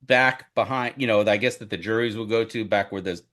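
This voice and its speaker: Talking a little fast, a man shares spirited anecdotes from his time covering a trial for the media. It's a laid-back podcast conversation he co-hosts, and his voice grows big and loud when he's worked up.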